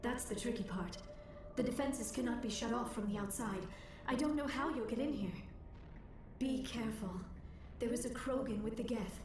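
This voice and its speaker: A woman's voice: a little high, normal speed, a little mellow, close to an everyday voice. An actress voicing a polite, earnest young female alien scientist in video game dialogue. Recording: echoey game audio with background noise.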